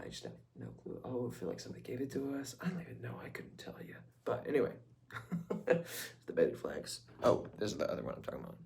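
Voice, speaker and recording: A man's voice: medium pitch, gravelly, a little mellow. A young man chatting to the camera in a casual vlog, rambling and laughing often, sometimes dropping into a whisper. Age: young adult. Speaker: vlogger.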